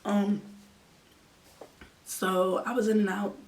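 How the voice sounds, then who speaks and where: A woman's voice: medium pitch, level tone, slow pace. A woman in her twenties telling an emotional storytime in an earnest way, sometimes sinking to a near-whisper. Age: 20s. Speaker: vlogger. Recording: distant mic with faint background noise.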